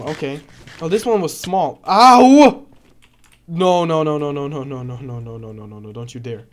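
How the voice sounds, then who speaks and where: A man giving live gameplay commentary, excitable, rambling and stumbling over his words, swearing and yelling at the game. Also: mid-range voice, fairly quick, a little hiss or hum. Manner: excitable, swears and yells at the game, trash-talks it. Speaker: gaming video creator.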